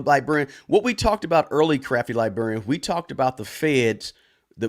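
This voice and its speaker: Guy running a money channel, loud casual live q&a, lots of restarts and tag questions. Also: medium pitch. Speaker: personal finance channel host.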